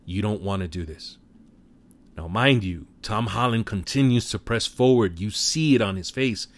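Low-voiced man recapping a movie. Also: normal speed. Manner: animated retelling with casual swearing. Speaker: film recap commentator.

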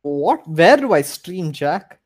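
A man's voice: on the high side, very animated, takes it slowly. Hesitant young-sounding podcast co-host man. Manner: hesitant, stammering restarts. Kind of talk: casual chat.

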